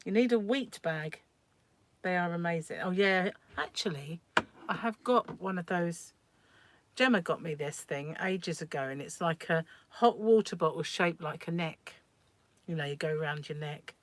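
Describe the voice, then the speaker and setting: A woman's voice: on the low side, normal speed. A middle-aged woman hosting a crochet livestream at home, chatting casually and laughing often as she rambles through viewer comments.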